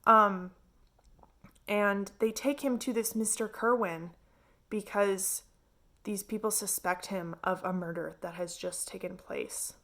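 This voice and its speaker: A woman's voice: fairly low pitch, vocal fry, fairly bright tone. A woman reviewing a novel in casual, chatty talk full of filler words. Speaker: book reviewer. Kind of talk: casual chat.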